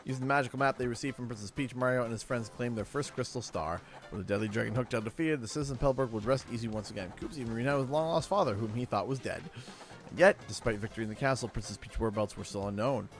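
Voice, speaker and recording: A man voicing a grand, solemn storybook narrator with a deep, dramatic delivery. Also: fast talker, soft background music, close to an everyday voice.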